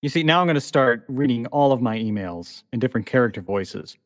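A man's voice: medium pitch, expressive, fairly quick, hardly any pauses, no room sound, clean studio sound, long reverb tail. A man hosting a casual interview, playful and joking as he reads listener questions. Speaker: podcast host.

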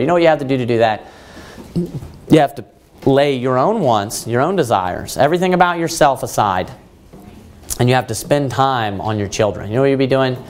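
A man's voice: medium pitch, expressive, brisk. A man preaching a sermon as a pastor, asking rhetorical questions and repeating points for emphasis, with many filler phrases. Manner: many fillers of "you know" and restarts.

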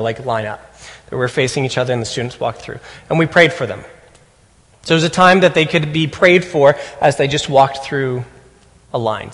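Earnest pastor preaching in a reverberant hall. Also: male voice, fairly high pitch, fairly bright tone. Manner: earnest, tearful storytelling with halting restarts. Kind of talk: sermon.

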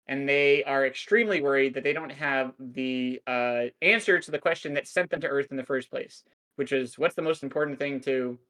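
Medium in pitch and a bit bright, this voice belongs to a man in his thirties co-hosting a podcast. He recaps a cartoon through casual, rambling chat, crude and sardonic, with plenty of swearing.

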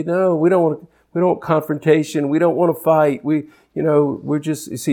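A man preaching a sermon, his voice sitting a little high for a man. He delivers emphatic declarations, then drops into low, intense asides to drive a point home. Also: moderate pace, darkish tone.

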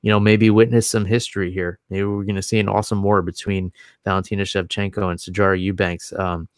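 A man with a lowish, resonant voice runs through upcoming fight cards in casual, upbeat chat. He swears now and then and talks with easy enthusiasm. The sound is dry and close to the mic. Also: flat delivery, fairly quick, no echo. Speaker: MMA podcast co-host.

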